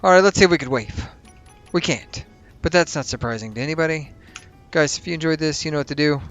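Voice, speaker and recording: A man's voice: fairly high pitch, fast, a bit bright, faint music behind. A man hosting a let's play, giving casual commentary over his gameplay. He is chatty, thinks aloud and makes self-mocking asides.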